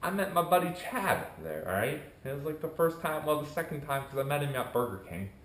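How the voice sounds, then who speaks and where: A man's voice: a little high, a little fast. A young man vlogging, telling a rambling story in a casual way and acting out what his friends said. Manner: animated, rambling, acts out quoted friends. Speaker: vlogger starting a channel. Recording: echoey room.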